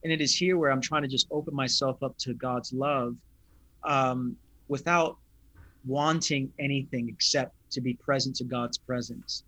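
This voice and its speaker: Pastor guy talking slow and earnest in an interview, bright tone. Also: mid-range voice, steady tone, dry recording. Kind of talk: reflective interview talk.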